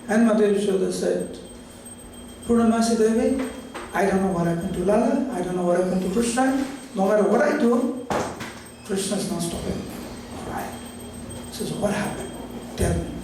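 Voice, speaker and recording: Guy telling a devotional story real slow in a temple, high voice, lifts it even more for the characters, echoey hall, sounds far off. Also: slight background noise. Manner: acts out the characters' lines in a raised voice. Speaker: temple class speaker.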